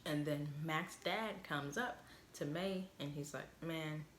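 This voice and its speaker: A woman with a low, deep-set voice runs through a casual spoiler recap, chatty and rambling, dropping "like" and "obviously" all the time. Her voice bounces around a roomy space with a faint hiss underneath. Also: a little slow. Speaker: vlogger recapping a TV episode. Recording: roomy echo.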